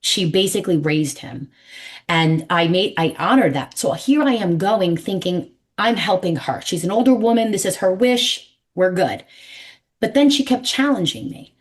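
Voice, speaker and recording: A woman in her forties with a New York accent, a numerologist guest telling her story in a podcast interview, emphatic and animated, acting out the voices she quotes. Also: mid-range voice, normal speed. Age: 40s.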